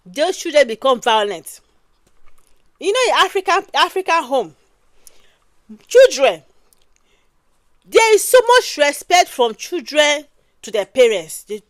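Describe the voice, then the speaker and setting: A Nigerian woman with a Nigerian accent gives emphatic, casual commentary, repeating phrases and finishing lines with "oh." Her voice is high and fairly bright, in a dry recording.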